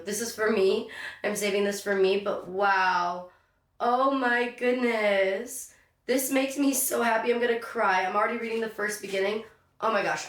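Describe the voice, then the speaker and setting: A woman's voice: fairly high pitch, a little hiss or hum. A young woman vlogger chatting through an unboxing, gushing and effusive. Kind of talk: excited unboxing chat. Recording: echoey room, voice from a distance.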